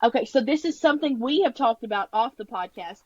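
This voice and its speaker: High-voiced woman on a dull podcast mic. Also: lively intonation, brisk, a little mellow, husky, no echo. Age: 30s. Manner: chatty, self-deprecating, trails off and restarts. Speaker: podcast co-host. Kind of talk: casual book recap chat.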